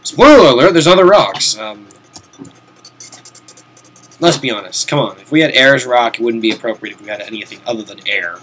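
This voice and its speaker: A young VTuber streamer sits at a desk in his room at home, rambling casually through a let's-play of a video game, cursing now and then and muttering to himself. His medium-pitched voice is bright and forceful, though he sounds tired and yawns. There's a little hiss or hum in the audio.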